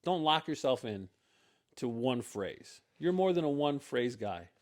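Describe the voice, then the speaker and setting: A man's voice: medium pitch, very animated, unhurried, very noisy. A man hosting a podcast in casual chat, teasing and wry as he leads the talk, into a mic on a stand. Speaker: podcast host.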